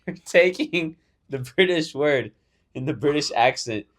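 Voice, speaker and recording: Young man co-host, teasing and animated. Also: a little high, unhurried. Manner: teasing, laughs a lot, explains at length. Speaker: podcast co-host. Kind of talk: casual chat.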